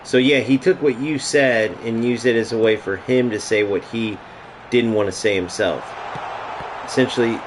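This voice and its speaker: A man's voice: medium pitch, fairly even intonation, normal speed, slight background noise, rough recording. A man streaming a game, ranting casually and profanely to his chat. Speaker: gaming streamer.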